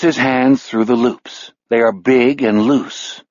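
A man reads a grim audiobook at a measured pace, dwelling slowly on the darkest words. The recording is dry and slightly dull. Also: medium pitch, steady tone, no room sound. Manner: measured, slows on grim details. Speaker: narrator. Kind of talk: audiobook narration.

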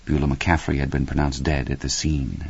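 A man narrating a story in a steady, measured audiobook reading. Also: rumbling low, creaky, breathy edge, dull audio.

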